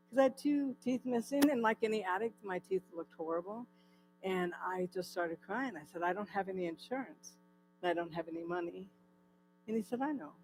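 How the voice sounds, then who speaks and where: A woman's voice: mid-range voice, a little hiss or hum, low-quality recording. A woman speaking at a church, telling her own recovery story in a personal testimony with vivid storytelling and acted-out quotes, earnest and tearful in places.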